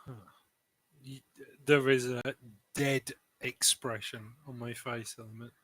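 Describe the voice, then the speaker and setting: A man's voice: medium pitch, little pitch movement, unhurried, a bit bright, dry recording, poor audio. A man playing a tabletop game, joking and wry. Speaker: player. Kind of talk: tabletop game role-play.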